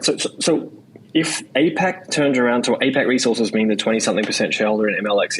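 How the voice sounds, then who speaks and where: A man's voice: medium pitch, a little hiss or hum, poor audio. A man with an Australian accent, a podcast guest talking in a loose, chatty way, with many restarts and repeated words. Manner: quick, loose talk full of "like" and "right?". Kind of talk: casual interview chat.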